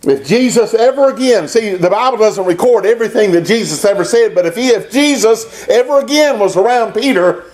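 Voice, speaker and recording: Male pastor, church sermon, high voice that swings widely in pitch. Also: expressive, a little fast, few pauses, a little mellow.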